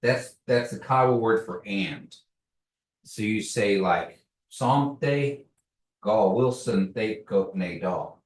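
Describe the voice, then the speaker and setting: A man teaching a language class, patiently repeating words slowly for learners. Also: on the low side. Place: classroom, echoey room. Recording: echoey room, distant mic.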